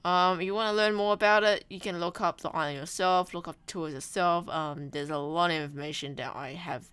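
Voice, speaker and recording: A woman's voice: on the low side, fairly even intonation, fairly quick, fairly bright tone, clean tone, no echo. A young woman rambling casually in a video blog, full of restarts and self-deprecating asides. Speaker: vlogger. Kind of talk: rambling travel vlog chat.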